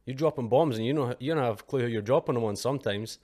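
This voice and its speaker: A man's voice: medium pitch, quick pace, darkish tone. Hesitant British podcast host man. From United Kingdom. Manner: hesitant, many fillers and restarts, casual slang. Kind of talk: casual interview chat.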